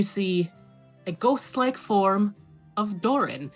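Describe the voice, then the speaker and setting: Bright-voiced woman narrating as game master. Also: medium pitch, soft background music. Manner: halting, many fillers. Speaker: dungeon master.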